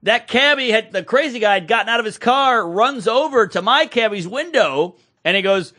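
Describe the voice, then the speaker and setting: A man's voice: high voice, lively intonation, normal speed, few pauses, sharp tone. A man, a podcast co-host telling a casual story and acting out the people in it.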